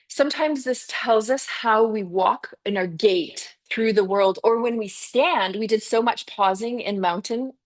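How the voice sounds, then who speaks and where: A middle-aged woman leads a yoga class in a chatty, encouraging way. She talks students through each movement and fills the gaps with easy "yeah"s and "okay"s. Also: medium pitch. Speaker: yoga teacher. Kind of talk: live guided yoga class.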